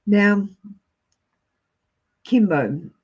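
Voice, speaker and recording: A woman's voice: mid-range voice, animated, extremely slow, a little mellow, breathy edge. A woman with an Australian accent giving a live tarot card reading, chatting to viewers and reading card meanings aloud from a book. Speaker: tarot reader.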